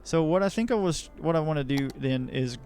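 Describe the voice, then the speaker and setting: A man's voice: on the high side, lively intonation, fairly quick, a little mellow, slight background noise. A man giving rambling, jokey, self-deprecating commentary while playing a city-building game. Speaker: let's play host. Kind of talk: casual gameplay commentary.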